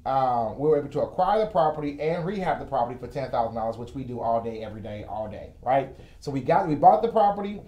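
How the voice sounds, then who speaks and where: A man's voice: medium pitch, expressive, fast, highs cut off. A man hosting a live-streamed finance lesson from a studio with a whiteboard, talking in a casual, joking, chatty way. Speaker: host and financial educator. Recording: echoey room.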